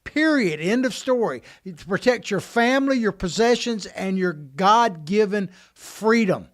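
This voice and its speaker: Animated man co-hosting a political podcast. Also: high voice. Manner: animated, emphatic, quick restarts. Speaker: podcast co-host.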